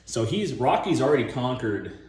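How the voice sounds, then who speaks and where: A man hosting a casual, rambling monologue. He chuckles often and acts out scenes in voices as he pitches a movie idea. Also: big pitch swings, normal speed, darkish tone, roomy sound. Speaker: online video host.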